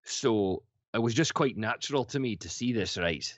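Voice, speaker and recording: Deep-voiced voice actor guy telling stories in an interview, chuckles a lot, kinda dull lo-fi call audio. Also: expressive, normal speed, dry recording. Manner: chatty, laughs between anecdotes. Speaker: voice actor guest. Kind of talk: casual interview storytelling.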